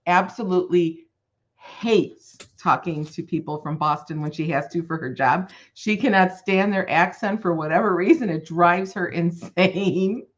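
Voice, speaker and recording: A woman's voice: on the low side, a little slow, highs cut off. A woman chatting casually as co-host, easygoing and chuckling as she talks. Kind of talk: casual chat.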